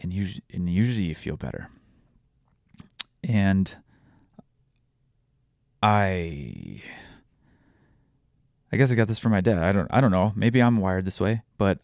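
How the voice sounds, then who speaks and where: A young man with a very low voice speaks candidly about his own life, swearing freely and restarting sentences as he works through it. The sound is close and dry, with no room around him. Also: lively intonation, creaky, darkish tone, no room sound. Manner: frank, swears often, halting restarts. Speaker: podcast host. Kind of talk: candid personal storytelling.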